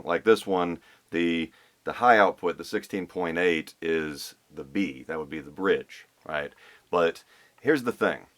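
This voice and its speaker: A guitar restorer talks through a pickup swap casually, thinking aloud with restarts and fillers. His voice is low-pitched with a fairly bright tone.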